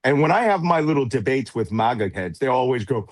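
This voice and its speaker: An American political commentator, appearing as an interview guest, is blunt and sarcastic, tossing in mocking asides during a heated political exchange. His mid-range voice has lively intonation and moves fairly quickly, with no room sound.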